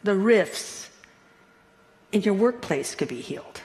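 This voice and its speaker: A woman minister giving a Sunday sermon in a playful, animated way, chuckling at her own asides. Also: mid-range voice, slow pace, breathy edge, long reverb tail. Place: church sanctuary.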